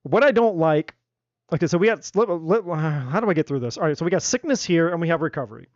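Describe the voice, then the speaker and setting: Man, tarot reader, blunt and slangy, fairly high voice, dry dull lo-fi sound. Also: quick pace, no room sound. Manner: blunt, animated, slangy and profane. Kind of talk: live tarot reading stream.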